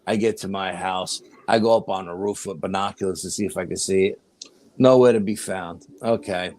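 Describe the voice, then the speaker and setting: Older ny guy telling a ufo-style story in an interview, acts out the voices, kinda low voice. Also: normal speed. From New York. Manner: animated storyteller, acts out quoted dialogue. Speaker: paranormal investigator guest.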